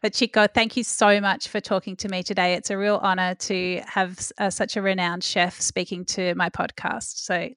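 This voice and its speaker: A woman's voice: mid-range voice, little pitch movement, normal speed, hardly any pauses, fairly bright tone, dry recording, clean studio sound. A woman hosting a podcast interview, effusive and a little poetic. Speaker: podcast host.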